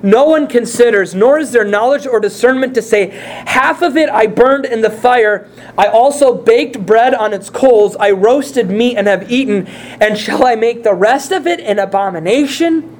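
High-voiced man preaching a sermon. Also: moderate pace. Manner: earnest, direct questions to the congregation. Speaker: pastor.

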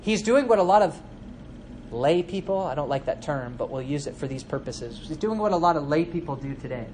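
A man's voice: a little high, expressive, brisk, a little mellow, slight background noise. A man preaching a sermon in a church, teaching through a Bible passage. He speaks conversationally, asks the listeners questions, adds asides and acts out quoted speakers.

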